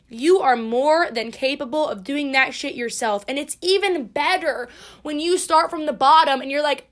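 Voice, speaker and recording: A young woman in her twenties talks through a solo podcast in a high, bright-pitched voice. She is blunt and animated, swearing freely as she makes her points. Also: moderate pace. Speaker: podcast host. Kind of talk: casual solo podcast chat.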